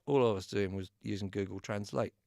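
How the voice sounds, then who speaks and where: A man's voice: on the low side, a little fast, creaky, darkish tone, dry recording, studio quality. An Australian man hosting a live giveaway stream, chatting casually, laughing often and reading out names from the chat. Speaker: YouTube host running a live giveaway.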